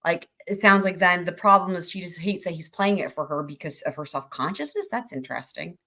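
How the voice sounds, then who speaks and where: A woman with a bright, forceful voice that sits a little low for her. She talks over trial evidence in loose, animated commentary, sounding incredulous and swearing without a second thought. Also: brisk. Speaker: livestream host. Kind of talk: casual trial recap commentary.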